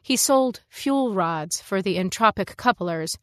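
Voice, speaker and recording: An actress narrating a science fiction short story in the first person, in a measured, composed reading. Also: female voice, mid-range voice, lively intonation, dry recording, clean studio sound.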